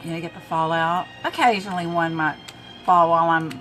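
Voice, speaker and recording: A woman's voice: on the low side, fairly even intonation, brisk, fairly bright tone, faint music behind. An older woman chatting casually through a makeup tutorial, talking to her viewers as she works and now and then coughing from a tickle in her throat. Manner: chatty, talks to viewers while applying makeup. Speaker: makeup vlogger.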